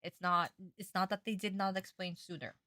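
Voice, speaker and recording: A woman streaming a casual reaction, excitable and rambling, swearing freely. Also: mid-range voice, a little fast, no echo, clean studio sound.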